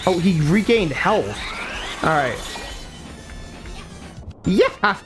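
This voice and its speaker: A man streaming a video game with casual, excitable commentary and sudden swearing outbursts. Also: sits high, extremely slow, music in the background. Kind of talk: casual live gameplay commentary.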